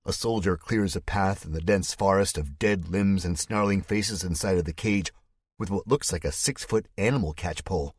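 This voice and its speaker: Deep husky male audiobook narrator. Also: moderate pace, dry recording, studio quality. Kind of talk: first-person audiobook narration.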